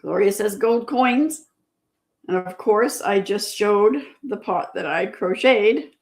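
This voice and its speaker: The host of a casual trivia stream, a woman, takes her time in a medium-pitched voice as she patiently repeats the questions and voices her viewers' replies.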